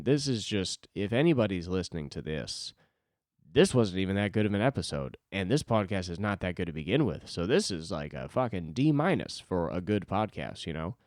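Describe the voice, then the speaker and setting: A man's voice: deep voice, very animated, normal speed, darkish tone, no echo, clean studio sound. A man, a stand-up comic and podcast host, rambling alone at a desk in a loose, self-deprecating way and swearing freely. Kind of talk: solo rambling podcast monologue.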